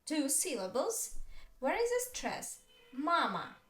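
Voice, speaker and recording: A woman with a Russian accent teaching a language lesson, repeating each word slowly and stressing its syllables. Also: high voice, very animated, a little hiss or hum. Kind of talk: slow, drawn-out language lesson. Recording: roomy echo.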